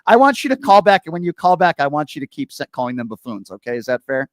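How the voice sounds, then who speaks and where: A man's voice: a little high, no echo. Opinionated male radio host, dry studio. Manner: lively, opinionated, talks fast at times. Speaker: radio talk show host. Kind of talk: call-in radio talk.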